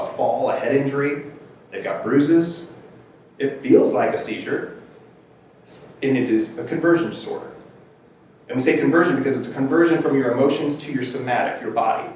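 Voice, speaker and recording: A man's voice: medium pitch, darkish tone, distant mic, slight background noise. Man lecturing in an echoey room. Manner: conversational lecturing, rising emphasis on key words. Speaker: mental health counselor presenting. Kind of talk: educational presentation.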